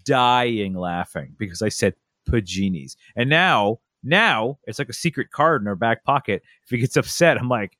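A young man telling family stories in a relaxed chat, acting out a toddler's lines with lots of energy. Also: mid-range voice, normal speed, hardly any pauses, no room sound, clean studio sound. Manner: animated storyteller, acts out a toddler's voice. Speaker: podcast co-host. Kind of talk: casual storytelling chat.

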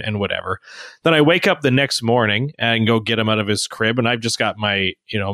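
A man in his thirties chatting casually as a podcast co-host, telling lively stories and putting on childlike quotes. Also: on the low side, no room sound, clean studio sound. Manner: animated storytelling with childlike voiced quotes. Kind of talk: casual chat.

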